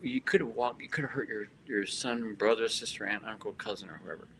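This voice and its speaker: A man with a bright, clear voice guides a meditation and chants mantras. He then explains the practice with many restarts and repeated words. A faint hum of noise sits behind him. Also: lowish voice, a little fast, rough recording. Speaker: spiritual teacher. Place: hotel expo hall.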